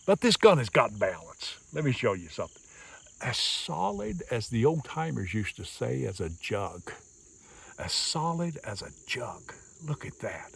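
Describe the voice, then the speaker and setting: An older man with a low voice talks slowly and folksily, leaning hard on his words as he shows off an old rifle. He is recorded outdoors in the countryside, a little away from the mic. Faint crickets chirp behind him. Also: creaky, recorded from a distance, slight background noise. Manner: folksy, slow and drawn-out, emphatic. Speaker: gun reviewer. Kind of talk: casual show-and-tell review.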